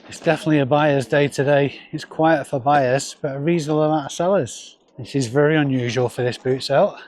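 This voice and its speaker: A man's voice: a little high, fairly even intonation, a little fast, a little mellow. A man with a Northern English accent, chatting and joking with sellers as he vlogs his way round an outdoor car boot sale. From North West England. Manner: chatty, jokey, bantering with sellers. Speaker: reseller vlogger. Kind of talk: casual vlog chat.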